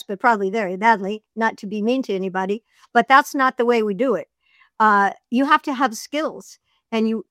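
A woman's voice: on the high side, fairly bright tone, no echo, clean studio sound. A middle-aged woman, a voiceover artist and audiobook narrator, chatting in an interview and telling stories with easy laughs. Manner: chatty, storytelling, quick to laugh. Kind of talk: casual interview chat.

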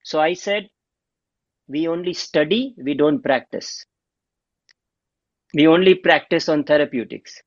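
A middle-aged man, a homeopath guest telling an animated story and acting out the dialogue. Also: on the high side, a little slow, pauses often, no room sound. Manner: animated, acts out quoted dialogue. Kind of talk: storytelling interview. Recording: dull lo-fi dry sound.

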